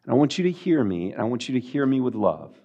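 A man's voice: medium pitch, big pitch swings, fast talker, dark tone, highs cut off. A man preaching a sermon as pastor, emphatic and earnest, stressing key words. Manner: emphatic, rising and falling for emphasis.

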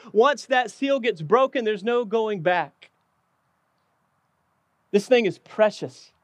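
A preacher, a man whose voice sits high for his sex, delivers a sermon with fervor. He often sinks low and slows right down to stress a point. The sound is dry and close, with no room echo. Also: a bit bright. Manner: passionate preaching, dropping low and slow for emphasis. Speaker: pastor.

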